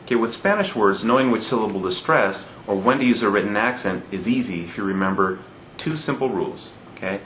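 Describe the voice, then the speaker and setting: A man's voice: lowish voice, brisk, hardly any pauses, fairly bright tone, reverberant, a little hiss or hum, rough recording. A man teaching a lesson on Spanish word stress, patiently repeating each rule and often checking in with his listeners. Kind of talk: recorded classroom lesson.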